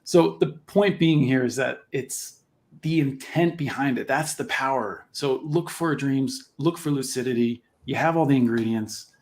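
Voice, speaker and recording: A man's voice: medium pitch, moderate pace, darkish tone. A man, a guest on a livestream talk show, explaining a point in an earnest way. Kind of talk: casual livestream chat.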